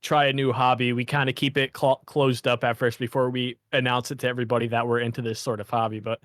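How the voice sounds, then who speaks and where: A man who is an aspiring voice actor, guesting on a podcast and telling a story in a relaxed way with hesitant fillers. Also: mid-range voice, fast, dry recording, clean studio sound. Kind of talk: casual interview chat.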